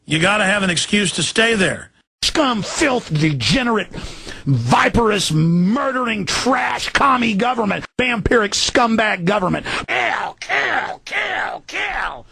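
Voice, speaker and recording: A man's voice: high-pitched, lively intonation, a little slow, gravelly, pushed and bright, breathy edge. A man hosting a radio talk show, delivering a furious rant with bellowing, theatrical outbursts.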